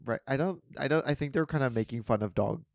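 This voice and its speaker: A man's voice: medium pitch, fast, vocal fry, a little mellow, dry recording, clean studio sound. A man co-hosting a casual podcast, giving wry, playful commentary. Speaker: podcast co-host.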